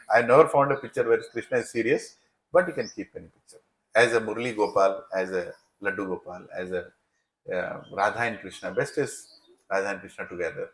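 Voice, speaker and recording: A man, a spiritual teacher telling a sermon story in an animated way, often checking in with the audience. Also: lowish voice, echoey room, low-quality recording. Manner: animated, asks the audience "right?". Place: devotional center hall.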